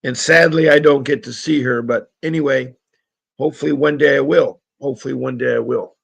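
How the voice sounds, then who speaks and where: A man's voice: mid-range voice, fairly even intonation, brisk, vocal fry, slightly rough. A man hosting a live stream call-in show, talking casually with a slightly scratchy voice and a friendly, rambling manner full of fillers.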